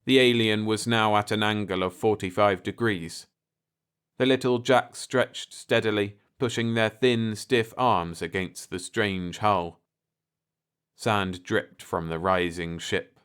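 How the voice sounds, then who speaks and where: Male narrator for a bedtime story, calm, very slow delivery. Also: on the low side, smooth. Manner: calm and unhurried.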